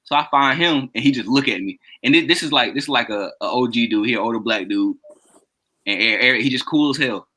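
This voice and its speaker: Bright-voiced man telling a rowdy story. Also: medium pitch, quick pace, low-quality recording. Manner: animated, laughs often, acts out quoted dialogue. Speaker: podcast co-host telling a story. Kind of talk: casual storytelling among friends.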